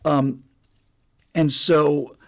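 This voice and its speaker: A man's voice: on the high side, drawn-out words, vocal fry. A man hosting a show, telling a story in a rambling, enthusiastic way, with many restarts and repeated words. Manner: enthusiastic, animated. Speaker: host. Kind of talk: casual storytelling monologue.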